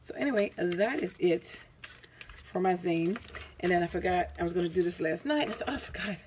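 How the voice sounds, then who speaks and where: A woman speaks expressively at a moderate pace, her fairly low voice darkish in tone, with a little background noise. Showing her crafts in a loose, wandering home vlog on a camera mic, she sounds tired and keeps correcting herself between plenty of ums.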